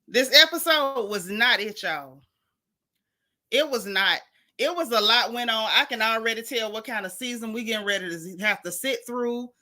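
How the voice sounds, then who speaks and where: Bright chatty woman greeting viewers. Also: fairly high pitch, normal speed. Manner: chatty, greets viewers by name, Southern US slang. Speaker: livestream host. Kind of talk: casual livestream chat.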